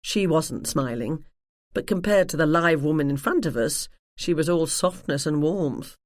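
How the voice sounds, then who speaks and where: A woman audiobook narrator reading a first-person mystery in a wry, measured manner. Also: low-pitched, no echo, studio quality.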